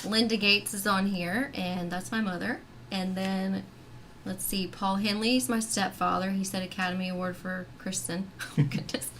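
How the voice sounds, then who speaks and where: A woman's voice: medium pitch, fairly even intonation, moderate pace, a bit bright, a little hiss or hum. A woman guest on a video call, talking about her acting in a chatty, rambling way full of fillers. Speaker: actress and filmmaker guest. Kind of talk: casual chat.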